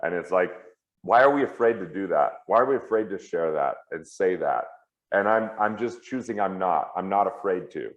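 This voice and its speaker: A man as an interview guest at home, talking earnestly and candidly in quick heartfelt bursts. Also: low voice, animated. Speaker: guest, financial author and comedian. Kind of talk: earnest reflective conversation. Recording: roomy, slightly dull sound.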